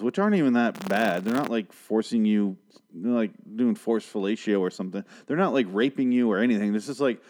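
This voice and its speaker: A man with a fairly low voice hosts a laid-back episode review. He talks in a rambling, sarcastic way and swears freely as he goes. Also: brisk, a little mellow. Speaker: host of a TV review show.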